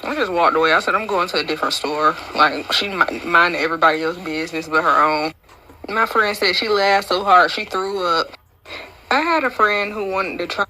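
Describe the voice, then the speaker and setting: A woman telling a funny personal story in a casual, lively way, acting out the quotes. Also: on the low side, a little fast, low-quality recording. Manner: lively, laid-back storytelling with acted-out quotes.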